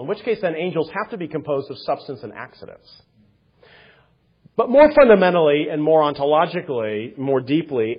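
A man's voice: a little high, husky. A man giving an unscripted theology lecture, discursive and self-correcting, full of rhetorical questions and asides. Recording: dull lo-fi recording.

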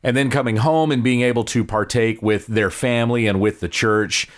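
A man's voice: mid-range voice, steady tone, moderate pace. A man from the Southern United States, a pastor hosting a listener-questions podcast in an easygoing, teaching-meets-banter manner. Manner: easygoing, chuckles often, shifts from teaching to banter. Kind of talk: relaxed Q&A podcast chat.

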